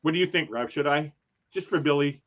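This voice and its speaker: A man's voice: a little high, brisk, fairly bright tone. Chatty male stream host, lo-fi sound. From Canada. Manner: chatty, reads viewer comments aloud, laughs often. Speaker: travel channel host. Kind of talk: casual livestream chat.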